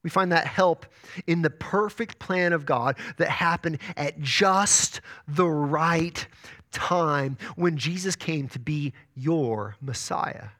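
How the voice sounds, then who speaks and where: Pastor, male, slightly higher voice, earnest sermon delivery, builds and drops, restarts words. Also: takes it slowly. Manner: earnest preaching with sharp rises and soft drops.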